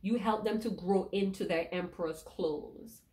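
A woman's voice: on the low side, a little slow, darkish tone. A woman giving an emotional tarot reading to her viewers, speaking emphatically and repeating key lines. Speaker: tarot reader.

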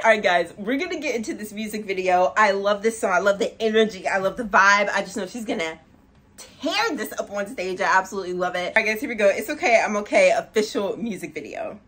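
Woman doing a music reaction vid, husky breathy voice, medium pitch, chatty and animated. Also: brisk. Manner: chatty, animated, frequent "like" and laughs. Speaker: music reaction channel host. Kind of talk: casual reaction commentary.

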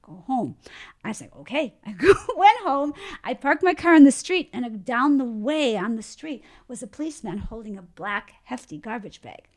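Older woman in her 60s, kinda high voice, chatty storyteller who drops soft for the inner voice bits. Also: moderate pace, few pauses. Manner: animated storyteller, acts out her inner voice softly. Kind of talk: casual chat, storytelling.

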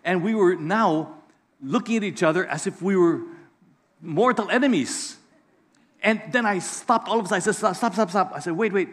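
A middle-aged man, preaching a lively sermon and acting out voices in his stories. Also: high-pitched, moderate pace. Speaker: pastor.

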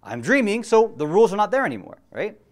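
A man's voice: high voice, sing-song, fast. A young man giving a casual religious lecture, chatty and joking, often putting questions to his audience.

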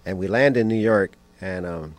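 A man guesting on a radio interview, telling animated stories and acting out the voices of the people in them. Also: deep voice, normal speed. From United States. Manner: animated storyteller who acts out voices and laughs often. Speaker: guest musician.

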